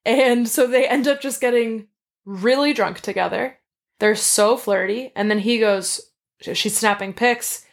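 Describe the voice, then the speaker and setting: A woman's voice: fairly high pitch, a little slow, gravelly. A woman in casual chat, recapping plot points in a chatty way and laughing often. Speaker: podcast co-host.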